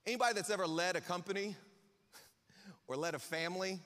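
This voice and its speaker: A man's voice: high voice, fast talker, a bit bright, in a large hall. A man preaching a sermon in a casual, chatty way, with joking asides to the congregation. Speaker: pastor.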